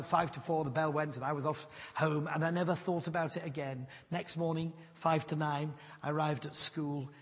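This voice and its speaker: Earnest preacher in a reverberant hall. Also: male voice, a little high, slightly rough. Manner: earnest, pleading. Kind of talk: sermon with personal story.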